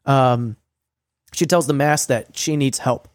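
A man's voice: mid-range voice, slow pace, no room sound, studio quality. Rambling, profane young man. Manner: profane, rambling storytelling with many fillers; acts out quoted lines with a raised voice. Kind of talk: casual recap of a streamed game.

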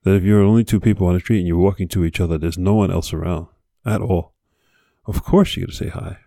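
A man's voice: deep voice, fairly even intonation, quick pace, gravelly, mellow, no echo, clean studio sound. A man hosting a podcast, delivering an earnest motivational monologue with repeated exhortations. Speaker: podcast host.

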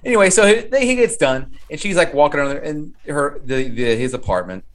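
A man with a higher-pitched, very lively voice, recapping a horror movie on a casual podcast. He talks animatedly and laughs now and then. He acts out lines and yells as he goes. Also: brisk. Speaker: podcast co-host.

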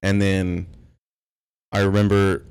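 A man with a Texan accent telling rambling anecdotes in a relaxed podcast chat. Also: sits low, slow, clear, resonant tone. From Texas. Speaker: podcast co-host. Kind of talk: casual chat.

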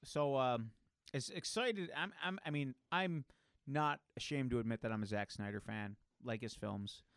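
Male co-host, excitable rambler, mid pitch, smooth tone, dry close mic. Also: normal speed, dry recording. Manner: enthusiastic, rambling with many fillers. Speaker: podcast co-host. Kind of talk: casual comic book chat.

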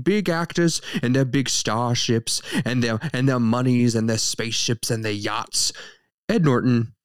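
A man voicing a theatrical Southern gentleman narrator in a put-on Savannah accent, drawling slow and grandiose like a movie trailer. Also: medium pitch, no echo, clean studio sound.

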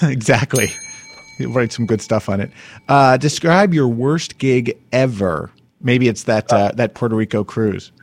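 A man hosting a podcast, asking questions in an excitable, cheeky way and swearing freely. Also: mid-range voice, measured pace, no room sound. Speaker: podcast host. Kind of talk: casual interview chat.

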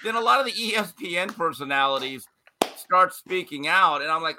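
A male sports writer giving opinionated commentary on a talk show, talking in quick bursts. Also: on the high side, expressive, noisy background. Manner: opinionated, fast bursts, quoting others in put-on voices.

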